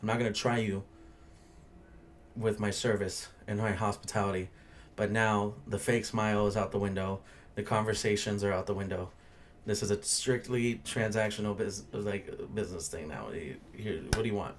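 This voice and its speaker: A man's voice: lowish voice, fairly even intonation, normal speed, slight background noise. A young man who hosts a podcast and works as a bartender, telling a story in a blunt, ranting way and swearing freely. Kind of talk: casual profane storytelling.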